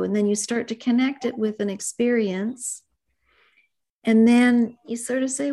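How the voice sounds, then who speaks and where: A middle-aged woman therapist being interviewed, speaking gently and reflectively about her work. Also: a little high, measured pace, gravelly. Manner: gentle, reflective, speaks in soft asides and acted client dialogue. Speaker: therapist and author, guest. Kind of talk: conversational interview.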